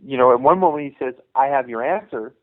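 A man's voice: medium pitch, fast. A middle-aged man and youth hockey coach, telling rambling anecdotes in a casual interview and acting out the dialogue he quotes. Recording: tinny phone line.

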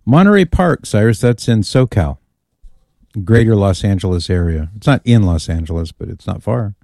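A man's low, mellow voice hosting a radio call-in show. He keeps a folksy, joking tone as he banters with callers and his co-host. It is close to a studio mic with a dry sound. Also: expressive, normal speed, no echo. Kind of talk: casual on-air banter. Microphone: studio microphone.

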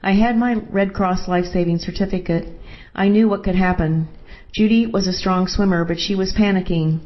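A woman narrating a first-person story in a calm, measured way. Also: mid-range voice, dull audio.

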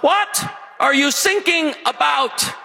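A man playing a clueless coast guard guy, slow and puzzled, roomy hall. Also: very high voice, gravelly, sharp tone, voice pushed up, exaggerated voice. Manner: slow, puzzled, literal-minded. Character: clueless young male German coast guard radio operator.

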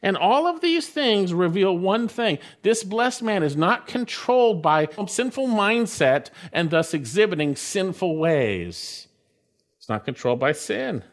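A man's voice: high voice, sing-song, unhurried. Earnest male preacher, emphatic. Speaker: pastor. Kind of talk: sermon.

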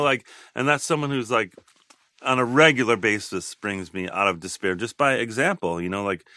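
A man in his sixties, a guest in an interview, talking reflectively in a halting way with frequent restarts. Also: lowish voice, sharp tone, no echo, clean studio sound. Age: 60s.

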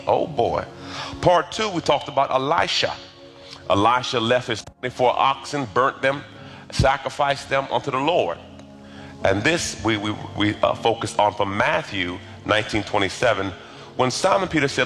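A man preaching a sermon as pastor, in a lively conversational way with call-and-response to the congregation. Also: medium pitch, moderate pace. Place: church sanctuary. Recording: echoey hall with faint music.

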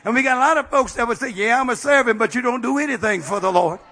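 A middle-aged male pastor preaching a fervent sermon, peppering his phrases with amen and building up to shouts. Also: very high-pitched, animated, fast.

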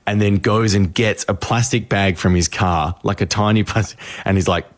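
A man's voice: fairly low pitch, moderate pace, hardly any pauses, no echo. A man hosting a radio show, telling a story in casual banter. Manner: animated storytelling with quoted voices. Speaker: radio host. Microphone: studio microphone.

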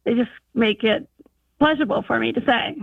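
High-voiced woman caller on a phone line. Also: fairly quick, gravelly, no room sound. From North Dakota. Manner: eager, searching with um and like. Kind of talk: casual call-in chat.

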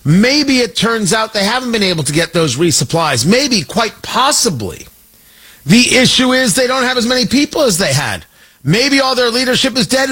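Man, political commentary monologue, emphatic, sarcastic, husky, wide pitch swings. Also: a bit bright. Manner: emphatic and sarcastic, repeats points for effect.

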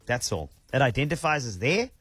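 A man's voice: mid-range voice, sing-song, brisk, fairly bright tone, slightly rough, dry recording. A man hosting a casual chat, rambling and restarting his sentences. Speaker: host.

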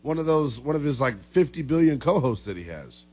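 A man's voice: mid-range voice, sing-song, a little fast, crowd noise. Young guy hosting sports radio, jokey and chatty, teasing callers. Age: young adult. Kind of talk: casual sports talk radio.

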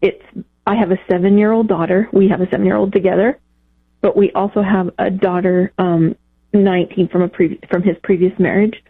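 A woman calling in to a radio advice show, talking in a halting, emotional way with many pauses and fillers. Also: mid-range voice, fairly even intonation, breathy edge. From Texas, United States. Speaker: caller. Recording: phone-line call.

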